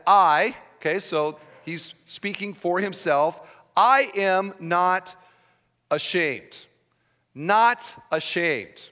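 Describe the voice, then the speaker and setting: A man's voice: high-pitched, fairly bright tone. A man preaching a sermon as pastor, teaching conversationally and checking in with the congregation with frequent "okay?". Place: church sanctuary. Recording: long church hall reverb.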